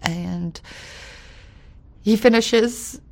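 In an interview, a woman with a medium-pitched, creaky voice tells a personal story haltingly, with many fillers. She goes quiet on the painful parts and her voice rises when she gets angry.

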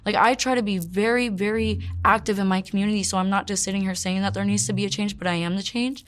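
A woman's voice: mid-range voice, fairly even intonation, fast talker. Young woman in her 20s being interviewed, talks rambly and blunt, lots of likes and ums, swears. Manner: rambling, frank, curses freely, many fillers. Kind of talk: candid personal storytelling.

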